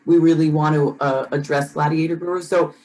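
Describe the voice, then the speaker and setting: Lower-voiced relaxed woman co-host. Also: fairly quick, low-quality recording. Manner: relaxed, reads listener comments aloud. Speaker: podcast co-host. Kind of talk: casual chat.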